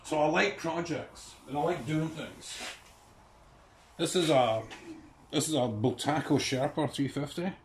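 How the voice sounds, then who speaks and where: A man's voice: on the high side, measured pace, slight background noise. A man with a Scottish accent, chatting casually about his classic car projects in his garage and telling rambling anecdotes. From Scotland. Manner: chatty storytelling, rambling asides. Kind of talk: casual walkaround narration.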